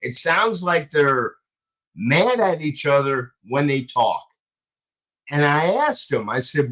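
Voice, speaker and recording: Slow, laughing middle-aged man host. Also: fairly high pitch, very animated, fairly bright tone, poor audio. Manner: laughs often, rambling anecdotes. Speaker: podcast host. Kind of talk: casual panel chat.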